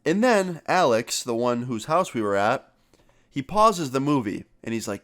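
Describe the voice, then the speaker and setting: A man's voice: mid-range voice, animated, fairly quick, fairly bright tone. Young man telling a story, swearing freely. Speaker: vlogger. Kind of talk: casual storytelling.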